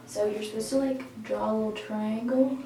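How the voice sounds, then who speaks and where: A woman's voice: on the high side, fairly even intonation, normal speed, warm tone. Giggly young woman vlogging in an echoey room. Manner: nervous, giggly, rambling. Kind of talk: casual vlog chat. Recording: echoey room, mic a bit far.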